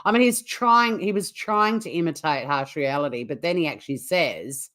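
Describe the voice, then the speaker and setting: A woman's voice: deep voice, animated, normal speed, hardly any pauses, fairly bright tone. An Australian woman hosting a casual livestream, chatting to viewers in a rambling way with frequent laughs. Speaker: livestream host.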